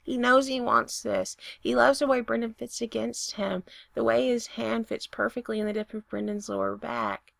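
Woman reading fanfic out loud, bit of vocal fry, dry close sound. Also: a little high, steady tone, normal speed, few pauses, dry recording. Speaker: reader. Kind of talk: reading fan fiction aloud.

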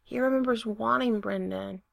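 A woman reading a romance story aloud, steady in her narration and voicing the dialogue. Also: on the high side, normal speed, gravelly, no echo, clean studio sound. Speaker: reader. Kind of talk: reading fan fiction aloud.

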